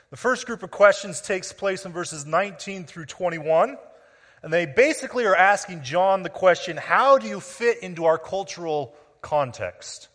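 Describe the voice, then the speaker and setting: A pastor with a slightly high, somewhat bright voice preaches a sermon explaining scripture, frequently restarting with repeated words. The long reverb of a large hall surrounds the recording.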